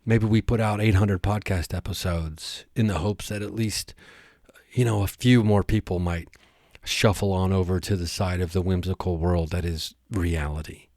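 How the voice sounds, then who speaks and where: Male podcast host with a low voice, dry sound, casual rambling comedic monologue. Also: fairly even intonation, normal speed, a little mellow, no room sound. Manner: rambling, jokey, earnest.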